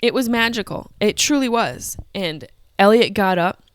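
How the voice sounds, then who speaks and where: A woman's voice: medium pitch, animated, moderate pace, dry recording, studio quality. A woman in her thirties telling a personal story as a podcast host, candid, emotional and full of swearing. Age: 30s.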